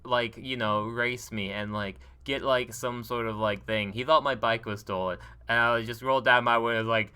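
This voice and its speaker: A man recaps his tabletop game session in a loose, rambling way, cracking jokes and laughing along. His voice is bright and smooth. He keeps it casual. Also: mid-range voice, fairly even intonation, moderate pace, hardly any pauses. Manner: rambling, joking, laughs often. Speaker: player recapping the story.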